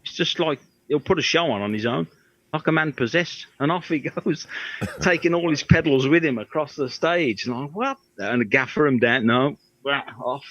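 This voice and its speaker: Middle-aged guest, guitar tech, rambling anecdotes, slips into quoted voices; dry, muffled audio. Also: male voice, on the high side, lively intonation, moderate pace, fairly bright tone, no echo. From Birmingham, England. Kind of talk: casual storytelling interview. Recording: dry, slightly dull audio.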